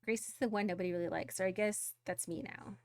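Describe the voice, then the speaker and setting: A woman's voice: medium pitch, steady tone, quick pace, darkish tone, natural voice. A woman voicing an upset teenage girl who rambles and vents to her dad while reading a game's dialogue aloud. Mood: hurt, venting. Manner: rambling, exasperated storytelling.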